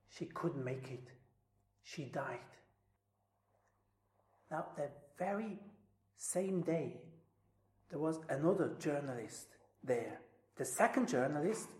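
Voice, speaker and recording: A woman preaching a sermon, swinging between loud emphasis and near-whispers. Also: mid-range voice. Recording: roomy echo.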